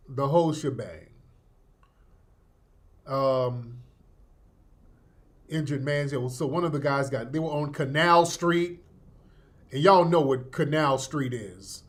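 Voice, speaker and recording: Animated man ranting in slangy street talk. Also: fairly high pitch. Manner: animated, slangy, emphatic with sudden loud outbursts. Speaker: political commentary streamer. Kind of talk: casual political commentary.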